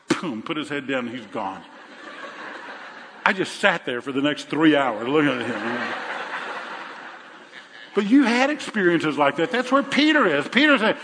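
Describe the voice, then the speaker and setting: An older man preaching a sermon, telling a Bible story with animated energy and acting out the voices. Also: on the high side, moderate pace. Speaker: pastor. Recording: echoey hall.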